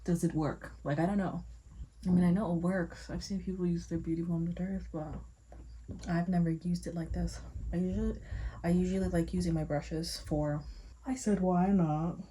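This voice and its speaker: A woman's voice: fairly low pitch, steady tone, normal speed, dark tone, husky, poor audio. A woman vlogging at home as she gets ready, chatting casually and thinking aloud to herself. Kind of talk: casual rambling narration.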